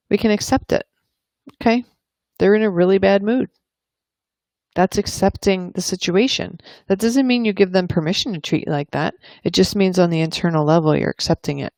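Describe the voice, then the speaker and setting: A woman and parenting coach talking calmly and earnestly to camera, explaining ideas and acting out example dialogues. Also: fairly low pitch, normal speed, no room sound. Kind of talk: advice talk to camera.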